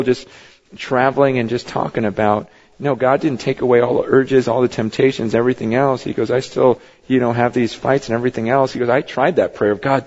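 A male pastor preaching a sermon in a church, talking casually with his congregation and climbing to high, emphatic peaks. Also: darkish tone. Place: church sanctuary. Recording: dull sound with long hall reverb.

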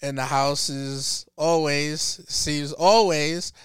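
A man's voice: on the high side, steady tone, takes it slowly, clean tone, no room sound, clean studio sound. A man hosting a casual podcast, talking loosely and profanely and laughing often. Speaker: podcast host. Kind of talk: casual chat.

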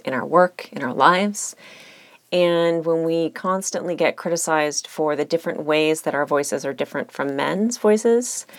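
A woman with a low voice hosts her own podcast, explaining her topic earnestly. The sound is close and dry, with no room around it. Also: dry recording. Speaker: podcast host. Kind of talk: solo podcast commentary.

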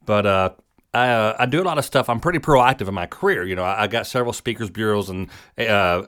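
A man's voice: on the low side, fast talker, fairly bright tone. A middle-aged man, a comedian, hosting his show in a rambling, chatty monologue full of fillers. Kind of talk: casual monologue.

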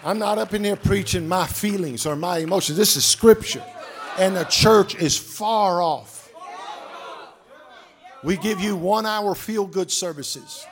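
A male pastor preaching a sermon, swinging from low murmurs to shouts and calling out to the congregation. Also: measured pace, some chatter behind. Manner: calls out to the congregation.

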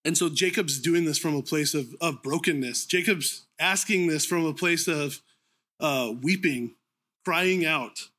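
A man giving a sermon in an informal, conversational way, with frequent ums, restarts and the odd throat-clearing. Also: a little high, unhurried, pushed and bright. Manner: clears his throat now and then. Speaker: preacher.

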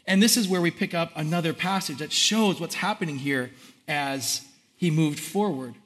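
A man preaching a sermon as pastor, conversational and animated, reading scripture aloud and acting out how the crowd reacted. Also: on the high side, moderate pace.

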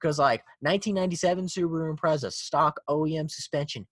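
A man's voice: a little high, fast talker, no room sound. A man hosting a casual car podcast, swearing and laughing as he rants. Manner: profane, animated, laughing ranter. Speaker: podcast host.

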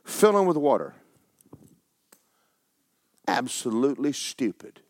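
A middle-aged man preaching a sermon in folksy storytelling, swinging from hushed tones to excited shouting. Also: medium pitch, slow pace, dry recording, clean studio sound.

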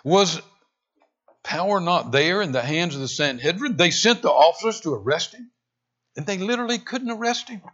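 A man preaching a sermon, swinging between loud, emphatic lines and hushed, intense ones. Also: high voice, lively intonation, moderate pace, highs cut off. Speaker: pastor.

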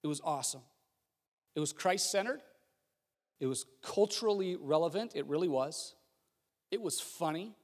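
A man's voice: a little high, lively intonation, moderate pace, pauses often. A man in his thirties, a pastor delivering a sermon in a conversational, humorous way that builds to emphatic repetition. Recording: long hall reverb with faint music.

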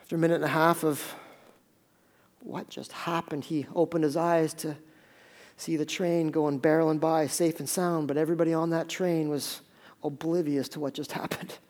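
High-voiced man preaching a sermon. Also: little pitch movement, normal speed. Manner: storytelling, swinging from loud urgent peaks to hushed near-whispers; restarts and repeats words. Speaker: pastor.

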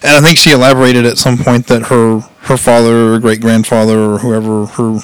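Casting: man, casual rambling recap of a show, laughs often, mid pitch, dry close sound. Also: flat delivery, fairly quick, fairly bright tone, clean tone, no room sound. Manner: rambling, laughs often, quotes characters in voices. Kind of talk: casual chat retelling an anime plot.

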